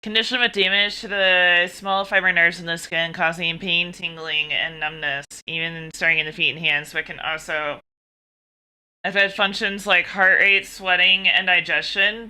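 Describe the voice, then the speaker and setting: A young woman streams herself chatting with viewers, talking in an animated, exasperated rant full of swearing. Her voice is very bright and crisp, smooth and clear. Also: on the low side, normal speed. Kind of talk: casual chat.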